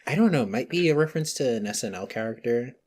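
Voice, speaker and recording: A man's voice: medium pitch, lively intonation, quick pace, a little mellow. A man co-hosting a podcast, chatting casually, laughing a lot and using many fillers. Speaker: podcast co-host. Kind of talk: casual chat.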